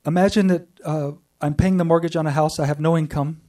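This speaker, a man with a mellow, slightly high voice and a steady tone, tells a group his personal spiritual story. He speaks earnestly, pausing and restarting, and sounds far from the microphone.

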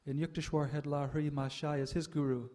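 Older male storyteller, mellow and slightly raised pitch, reflective, halting pauses. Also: flat delivery. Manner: reflective, with frequent "uh" pauses and soft laughs. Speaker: speaker sharing a spiritual life story. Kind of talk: personal testimony talk.

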